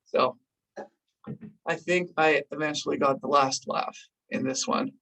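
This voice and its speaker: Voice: mid-range voice, fairly even intonation, unhurried, creaky, fairly bright tone, distant mic, rough recording. A person casually telling a personal story, with lots of "like" and acted-out gasps. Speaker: host recounting a diving story.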